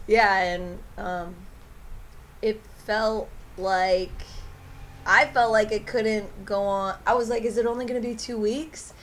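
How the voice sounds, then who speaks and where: A woman co-hosting a casual chat, telling stories in an animated way and laughing often. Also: medium pitch, takes it slowly, a little hiss or hum. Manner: animated storyteller, acts out shouted quotes, laughs often. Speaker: podcast co-host.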